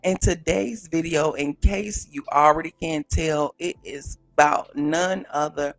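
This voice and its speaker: A man hosting his own pop culture vlog from a small home studio, animated and chatty, talking straight to viewers with repeated catchphrases. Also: fairly high pitch, unhurried, vocal fry, no echo, faint music behind. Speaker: YouTube pop culture reviewer. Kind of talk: casual vlog intro.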